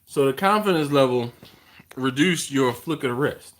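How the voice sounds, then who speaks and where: A man's voice: mid-range voice, lively intonation, moderate pace, a little hiss or hum. A man with an American accent hosting a casual live stream from a home kitchen, teasing his co-host and reading viewer comments aloud.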